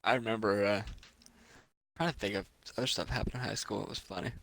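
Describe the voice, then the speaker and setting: A man's voice: fairly low pitch, quick pace, creaky, a bit bright, dry recording. A young man co-hosting a podcast, telling crude stories in casual chat and laughing often. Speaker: podcast co-host.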